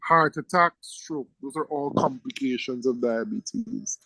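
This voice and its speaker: A man's voice: medium pitch, a little slow, creaky, pushed and bright, no room sound, poor audio. A middle-aged man giving an exam-prep medical lecture. He is emphatic, repeats key words and keeps checking in with "right?".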